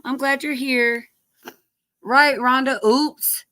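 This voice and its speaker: A woman's voice: fairly high pitch, a little slow, fairly bright tone, no echo. Chatty woman live-streaming from home. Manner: chatty, greets viewers, mild cursing. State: sniffly from allergies. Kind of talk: casual live-stream chat.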